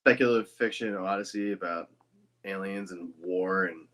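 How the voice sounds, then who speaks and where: A man guesting on a casual podcast chat, teasing the host in a dry, deadpan way. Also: low-pitched, normal speed, slight background noise. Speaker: guest voice actor.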